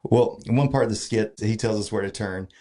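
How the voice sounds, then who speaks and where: His voice is on the low side and a bit quick. The man, a guest on a casual podcast who comes from Georgia, US, spins a lengthy, animated tale packed with fillers and frequent restarts.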